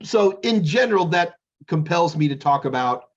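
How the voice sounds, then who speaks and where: A man's voice: on the high side, normal speed, muffled recording. A middle-aged man co-hosting a casual chat, rambling and joking as he tells stories. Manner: rambling, jokey, animated storytelling. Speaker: podcast co-host.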